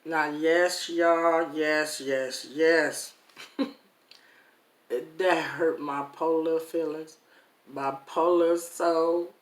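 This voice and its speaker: A middle-aged woman telling a personal story to her viewers in a casual, animated way, calling them "y'all". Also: deep voice, very slow. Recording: echoey room.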